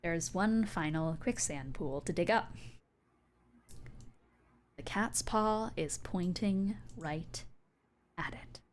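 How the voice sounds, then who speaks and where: A woman with a lowish voice narrates as game master, chatty and casual with easy laughter. A faint hum of noise hangs in the background. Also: takes it slowly, long pauses.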